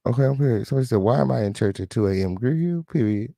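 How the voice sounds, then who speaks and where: A man's voice: lowish voice, expressive, fast, gravelly, warm tone, no echo, clean studio sound. A man hosting a live stream, reacting with sassy, profane commentary and asking viewers for support.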